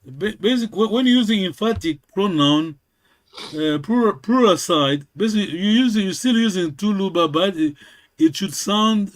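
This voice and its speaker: A man's voice: sits high, animated, normal speed. A man who speaks natively, teaching a language lesson. He is patient and repeats words many times.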